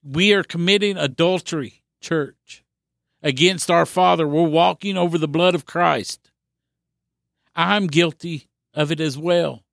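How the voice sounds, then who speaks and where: A man's voice: on the high side, measured pace, vocal fry, fairly bright tone, dry recording, studio quality. A man preaching a podcast sermon in an earnest, repetitive exhorting manner with frequent restarts.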